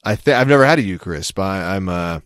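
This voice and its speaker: A man's voice: low voice, lively intonation, quick pace, a bit bright, no echo, clean studio sound. A young adult man, a podcast co-host, telling rambling stories and acting out the people he quotes in casual chat. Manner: rambling storyteller who acts out quoted voices.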